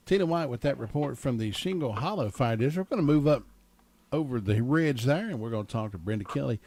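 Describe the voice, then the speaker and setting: A man's voice: medium pitch, expressive, fast, crowd noise. A man with a Southern US accent hosting a morning radio show, folksy and easygoing with a joking manner. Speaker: radio host. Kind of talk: casual morning radio chat.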